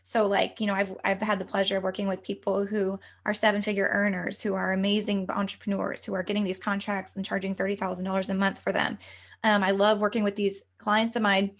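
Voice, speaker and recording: A young adult woman speaks as a guest on a talk podcast, earnest and rambling, with many fillers. Her voice sits at an everyday middle pitch, and the talk flows on without stopping. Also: little pitch movement, fairly quick. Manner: earnest, flowing, filler-heavy speech. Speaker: guest, medium and coach. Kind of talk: casual interview talk.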